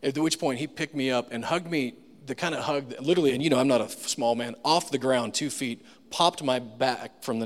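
A man preaching a sermon as pastor, telling personal stories in a casual, self-deprecating way. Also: mid-range voice. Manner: conversational storytelling, self-deprecating humor. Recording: long reverb of a large room.

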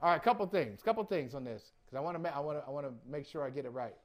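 A man's voice: a little high, expressive, rapid-fire. A man co-hosting a sports talk show, talking casually in a reflective, conversational and agreeable way. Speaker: sports podcast co-host. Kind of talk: casual chat.

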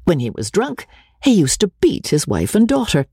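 Low husky woman reading a novel aloud, super animated delivery, dry close sound. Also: moderate pace, no room sound. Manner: dramatic, wide-ranging delivery. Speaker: audiobook reader. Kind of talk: expressive literary narration.

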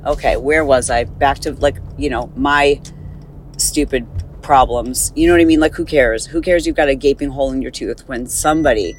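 A woman podcast host chatting casually in a car, rambling and animated, with a slight lisp from recent dental work. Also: very deep voice, moderate pace, a little hiss or hum, poor audio. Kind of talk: casual chat, recorded on the go.

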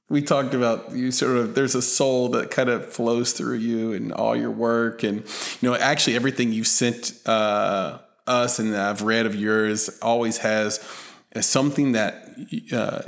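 A man hosting a podcast interview, asking questions in a measured way with some hesitation. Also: mid-range voice, fairly even intonation, gravelly. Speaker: podcast host.

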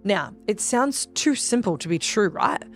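Woman podcast host and business coach, mid-pitched voice, chatty and emphatic, swears casually; soft music faintly behind. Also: very animated, unhurried. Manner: chatty and emphatic, swears freely, addresses listeners as guys. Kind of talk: casual motivational monologue.

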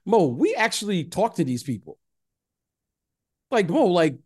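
A man in casual sports chat, telling stories with a lively voice and acting out friendly greetings. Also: high-pitched, moderate pace. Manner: animated storyteller, repeats the host's name, acts out friendly greetings.

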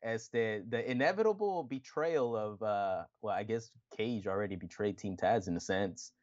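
A man's voice: lowish voice, normal speed. Male podcast co-host, loose wrestling chat, swears a lot, acts out quotes, slightly dull lo-fi sound. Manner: animated, swears often, acts out quotes with laughter.

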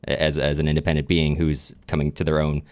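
Very deep-voiced man, dry sound. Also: completely flat delivery, darkish tone, dry recording. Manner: thoughtful, halting, restarts phrases. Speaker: podcast co-host. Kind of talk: casual book discussion.

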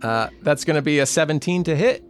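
A man narrating as game master in a tabletop game, talking in halting bursts full of fillers. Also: fairly high pitch.

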